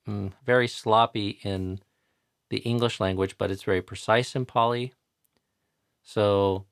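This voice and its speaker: An American man teaching chanting pronunciation patiently in a live online tutorial, repeating each sound slowly to demonstrate it. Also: lowish voice, gravelly, fairly bright tone, no room sound, clean studio sound. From United States.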